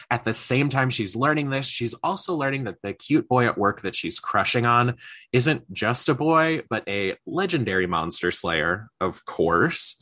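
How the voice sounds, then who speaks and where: A man's voice: medium pitch, bright, forceful tone. A man co-hosting a book podcast, summarizing a novel with casual enthusiasm. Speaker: podcast co-host. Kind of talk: casual chat about books.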